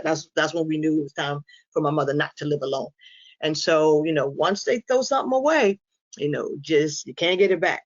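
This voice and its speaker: A woman giving a frank, humorous talk to an audience, telling lively stories and acting out the lines people said. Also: deep voice, normal speed, lo-fi sound. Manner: lively storyteller who acts out quoted lines. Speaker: inspirational speaker on dementia caregiving. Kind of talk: presentation to a support audience.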